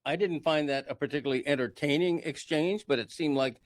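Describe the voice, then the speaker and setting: A man giving calm, reasoned sports media commentary as a podcast guest, with small hesitations. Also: fairly high pitch, fairly quick, no echo.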